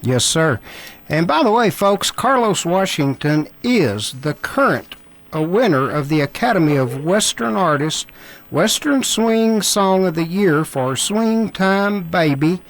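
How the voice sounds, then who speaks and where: A man's voice: high voice, sing-song, a little slow, poor audio. Upbeat radio host man. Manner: cheerful announcer delivery, addressing listeners as folks. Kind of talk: country radio interview.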